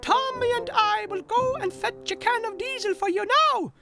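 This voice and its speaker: Very high little tractor voice, polite and kind, music behind. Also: male voice, normal speed, gravelly. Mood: friendly. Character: small friendly helpful male tractor.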